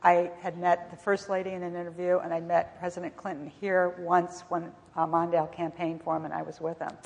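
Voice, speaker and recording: A woman panelist recalling her years on the White House staff in a measured, reflective way. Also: on the low side, little pitch movement, big-room sound. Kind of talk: panel discussion, personal recollection.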